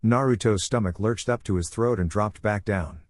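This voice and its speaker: A man's voice: fairly low pitch, normal speed, no echo, studio quality. A man reading fan fiction aloud, narrating and voicing the dialogue with little character acting. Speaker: fanfiction reader.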